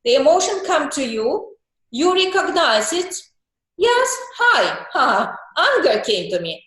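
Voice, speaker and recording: Woman coach on a group call, talks slow and earnest, kinda high voice, echoey room. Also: very animated, fairly bright tone. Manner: slow, earnest, acts out emotions in little voiced monologues. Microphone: video call.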